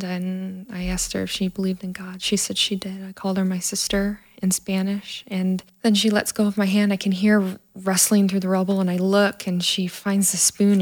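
A woman, a trauma nurse, telling a personal story in an earnest way and acting out the dialogue. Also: medium pitch.

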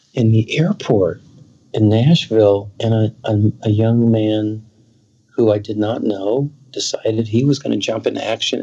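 A man's voice: lowish voice, gravelly, warm tone, breathy edge, muffled recording. A man as a guest in an interview, talking in an earnest storytelling way and acting out quoted dialogue. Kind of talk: conversational interview.

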